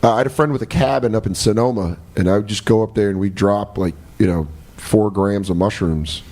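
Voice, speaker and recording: A comedian guest on a podcast, telling profane, laughing anecdotes in casual chat. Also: male voice, on the low side, fairly quick, dark tone.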